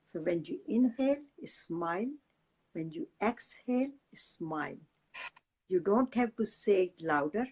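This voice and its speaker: A woman teaching and leading a guided meditation, giving gentle step-by-step breathing instructions. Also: on the low side, expressive, slightly rough, rough recording. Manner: slow, gentle guiding instructions.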